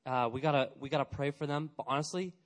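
A young man in his twenties giving a casual, energetic youth sermon, chatty and full of fillers, acting out little quotes. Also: a little high, fast talker. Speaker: youth pastor.

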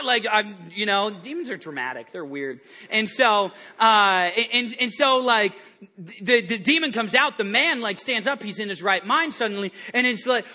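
A male pastor preaching a sermon to his church, animated and lively, stumbling over restarts and acting out the people in his stories. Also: high-pitched, normal speed. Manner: animated, acts out quoted voices, many restarts. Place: church service before a congregation.

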